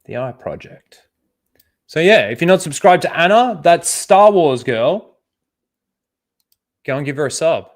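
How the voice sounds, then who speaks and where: Reacting to trailers on his own livestream, a male channel host talks in a fairly high voice with big pitch swings, a little slowly and with long pauses. His casual commentary rambles, stuffed with fillers, asides, and free swearing.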